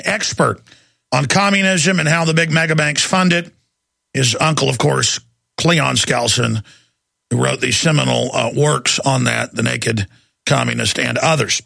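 Gravelly ranting talk radio man. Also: a little high, bright, forceful tone, dry recording, clean studio sound. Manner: ranting, indignant, sarcastic.

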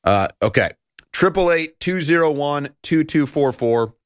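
A man's voice: fairly high pitch, animated, measured pace, clear, resonant tone. A man hosting a talk radio show, delivering an emphatic, indignant monologue and repeating his phrases for effect.

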